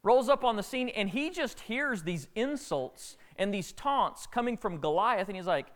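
Animated high-voiced male preacher. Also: normal speed, hardly any pauses. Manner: animated storytelling preacher, acting out characters' lines. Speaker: pastor. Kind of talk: sermon.

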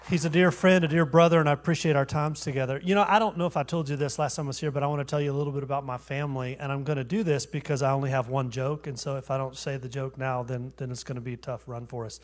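A man's voice: mid-range voice, steady tone, fast, few pauses. A man, preaching a sermon as a guest pastor in a church, conversational and self-deprecating, asking rhetorical questions. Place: church sanctuary.

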